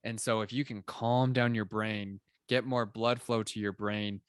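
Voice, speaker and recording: A young man with a fairly low voice talks through his ideas in a loose, animated way, often leaning on filler words as he explains. He co-hosts a casual podcast chat. The sound is close and dry. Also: unhurried, smooth, no echo. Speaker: podcast co-host.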